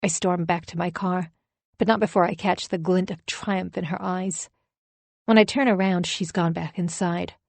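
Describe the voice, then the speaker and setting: A woman's voice: fairly low pitch, fairly even intonation, normal speed, gravelly, no room sound. A woman reading a first-person thriller audiobook in a tense, emphatic storytelling manner. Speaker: audiobook narrator.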